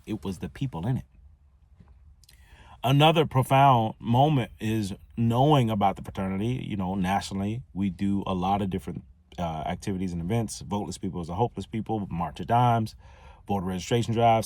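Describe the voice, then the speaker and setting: A man hosting a solo podcast, telling a personal story in a casual, conversational, animated way. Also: lowish voice, dry recording. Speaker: podcast host.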